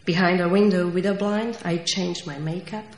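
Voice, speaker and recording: A woman with a Central Eastern European accent reading her poetry aloud, slow and measured, with dramatic stresses. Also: lowish voice, steady tone. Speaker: poet. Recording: echoey room with faint noise.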